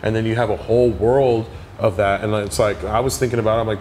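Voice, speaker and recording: A young man with a low voice talks through a story in a relaxed interview, leaning on "like" at every turn. His storytelling is animated, and a faint hiss of background noise sits under the recording. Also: quick pace. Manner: animated storyteller, heavy "like" fillers. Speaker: podcast guest.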